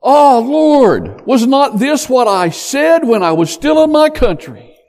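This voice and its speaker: A man's voice: on the low side, moderate pace, darkish tone, long reverb tail, pitched below the performer's own voice, lightly acted. A man voicing an exasperated prophet who complains to God in a raised, exclaiming voice.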